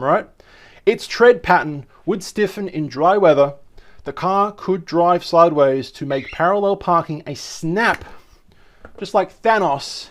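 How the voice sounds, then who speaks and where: A man hosting a casual tech vlog, rambling and joking as he reads an article aloud and stumbles over words. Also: on the high side. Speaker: tech vlogger.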